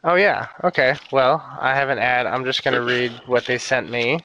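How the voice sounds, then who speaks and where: A man's voice: medium pitch, normal speed, sharp tone, lo-fi sound, a little hiss or hum. A young man co-hosting a podcast, joking through casual banter and mock ad reads. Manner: jokey, mock ad-read delivery. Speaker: podcast co-host.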